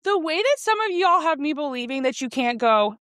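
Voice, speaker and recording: A woman co-hosting a podcast, loud, exasperated and sarcastic, laughing often. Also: sits high, big pitch swings, fairly quick, dry recording, studio quality. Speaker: podcast co-host. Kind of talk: casual chat.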